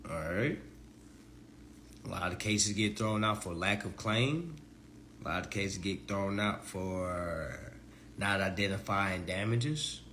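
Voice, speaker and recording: A man giving a casual live-stream lecture as an online teacher, talking in loose slang and often jumping into high, mocking voices. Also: takes it slowly, fairly bright tone, a little hiss or hum. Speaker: online legal self-help teacher.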